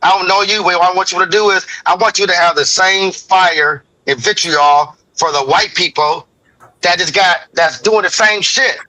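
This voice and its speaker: A man's voice: high voice, moderate pace, bright, forceful tone, low-quality recording. A man arguing heatedly in a live stream debate, confrontational and profane, repeating himself. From Oregon, USA. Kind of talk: heated argument.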